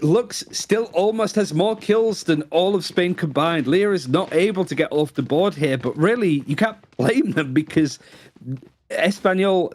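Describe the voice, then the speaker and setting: A man with a Yorkshire accent giving fast, chatty play-by-play commentary on an esports match. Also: fairly high pitch. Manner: quick, animated, chatty with a co-caster. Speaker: esports caster.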